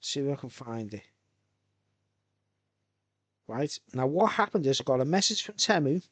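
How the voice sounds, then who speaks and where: The Birkenhead live streamer, speaking with a Merseyside accent, has a medium-pitched, slightly rough voice that's expressive and moves at a normal speed. He chats casually from his home tent with soundproof tiles, often saying "right?", and there's no echo.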